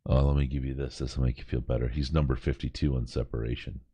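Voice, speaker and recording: A man's voice: very deep voice, flat delivery, fast, warm tone, husky, dry recording. A man hosting a late-night charity podcast, reading out live comments, joking and laughing often, tired. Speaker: podcast host.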